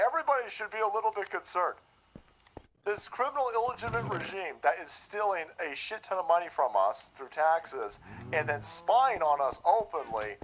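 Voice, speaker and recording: A man with a high, swooping voice rants on a livestream, profane and sarcastic, jabbing at every clip he reacts to. The sound is dull and muffled, with a faint hiss underneath. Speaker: stream host. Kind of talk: livestream political commentary.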